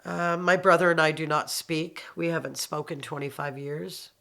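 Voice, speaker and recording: A middle-aged woman from Canada giving a personal testimony, halting and reflective, pausing often with ums. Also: low voice, steady tone, vocal fry, pushed and bright. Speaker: abuse survivor telling her story.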